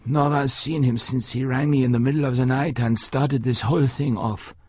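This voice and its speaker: A man voicing a weary older Nazi hunter who speaks gravely and insistently, in an audiobook. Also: mid-range voice, steady tone, moderate pace, darkish tone, dry recording, highs cut off, lightly acted.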